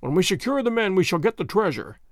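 A man doing a calm, wry detective. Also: high voice, dry recording, studio quality. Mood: commanding. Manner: measured, crisp, quietly amused.

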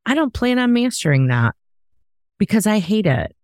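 Woman podcast host, mid pitch, punchy and emphatic, dry close sound. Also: very animated, moderate pace, a little mellow, no echo. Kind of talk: casual conversation.

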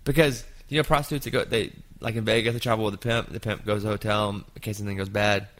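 A man in his fifties hosting a casual chat, telling an anecdote with lively jumps into quoted voices. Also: fairly low pitch, quick pace. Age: 50s.

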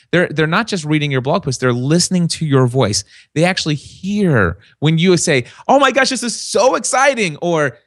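A man talks in a lively, story-driven way, slipping into other people's voices as he makes his points. His voice sits in a middling register. The sound is dry and close, with no room around it. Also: mid-range voice, dry recording. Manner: animated storyteller, acts out quoted voices. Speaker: podcast guest, podcasting consultant. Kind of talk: casual podcast conversation.

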